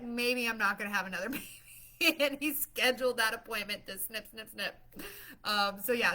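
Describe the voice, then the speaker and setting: A woman's voice: fairly high pitch, bright, forceful tone. A woman chatting casually on a live stream, bubbly and rambling, laughing often as she greets viewers and promotes her class. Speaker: livestream host promoting her masterclass.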